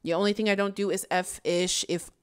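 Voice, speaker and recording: A woman's voice: medium pitch, fairly even intonation, moderate pace, clean tone. A woman hosting a casual commentary video, chatting in a sassy way and laughing often. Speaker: YouTube commentary host. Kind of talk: casual chat.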